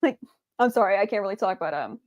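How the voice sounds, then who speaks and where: A woman's voice: mid-range voice, animated, quick pace, dry recording, clean studio sound. A woman streamer chatting casually, rambling with many fillers and restarts, stumbling over her words and answering viewers' chat.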